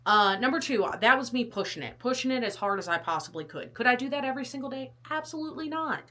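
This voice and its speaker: A woman's voice: on the high side, animated, fast, bright, forceful tone. Breathless chatty woman vlogging. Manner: chatty, rambling, self-deprecating. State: out of breath, coughing. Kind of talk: casual fitness vlog.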